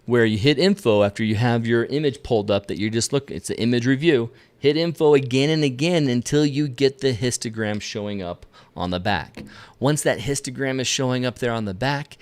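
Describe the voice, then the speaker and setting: A man's voice: mid-range voice, fairly quick, clean tone. Upbeat male host, mid-range voice, teaching viewers live at the camera. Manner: energetic, talks to viewers directly with self-directed asides. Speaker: photography instructor. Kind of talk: live-stream tutorial. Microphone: camera lens mic, at a desk facing the camera.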